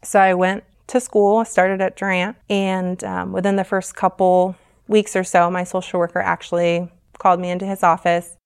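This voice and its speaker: A young woman talking as a guest, telling a personal story frankly, with halting pauses and many fillers. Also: fairly low pitch, flat delivery, clear, resonant tone.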